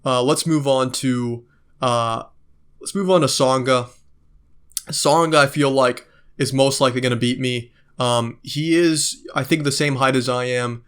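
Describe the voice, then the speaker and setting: Ranting man with a mid-pitched voice. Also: a bit bright, clean tone. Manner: ranting, profane, many fillers. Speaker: vlogger. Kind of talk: casual monologue.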